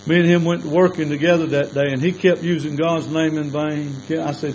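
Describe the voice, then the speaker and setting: An older man preaching in a drawl, his voice sitting a little higher than most men's. He tells his sermon as a homespun story, plain and folksy. A faint electrical hum runs underneath. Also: little pitch movement, fairly quick, a little mellow, rough recording.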